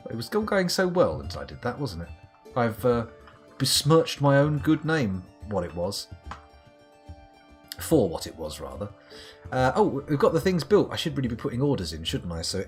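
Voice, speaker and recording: British guy narrating his game live, deep-ish but bouncy, jokes at his own expense, quiet guitar music under it. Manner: rambling, self-mocking, dry asides. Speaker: let's play streamer. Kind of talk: live gameplay commentary.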